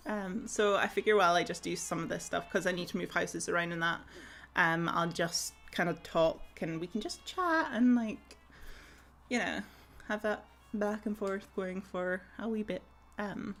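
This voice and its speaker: A woman's voice: fairly low pitch, normal speed, fairly bright tone, faint music behind. A woman chatting casually with her viewers on a game live stream, giggly and rambling with lots of ums.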